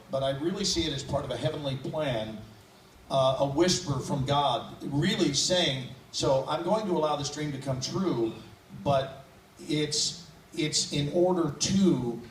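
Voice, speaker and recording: Man on a panel, echoey, distant. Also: mid-range voice. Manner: playful, joking with the audience. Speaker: actor guest on a convention panel. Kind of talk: convention panel talk. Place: convention panel room. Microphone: phone recording from the audience. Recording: echoey room, distant phone mic, noisy.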